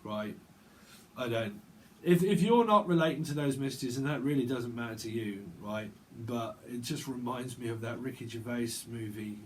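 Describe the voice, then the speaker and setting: Man, casual tarot reader, rambling and chatty, faint hiss behind, mid-pitched voice. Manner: rambling, chatty, quick asides and self-interrupting laughs. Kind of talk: casual monthly tarot reading.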